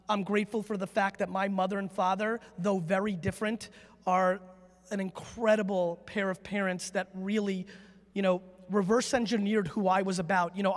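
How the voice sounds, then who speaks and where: A high-voiced man speaks from a conference stage, brash and emphatic, swearing freely as he drives his points home. His voice rings out with the long reverb of a big hall. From United States. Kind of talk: live stage talk with audience Q&A.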